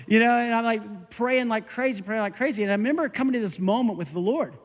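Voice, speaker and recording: A middle-aged male pastor preaching a conversational, animated sermon. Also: high voice, brisk, few pauses, in a large hall. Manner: conversational, animated, self-interrupting with laughs.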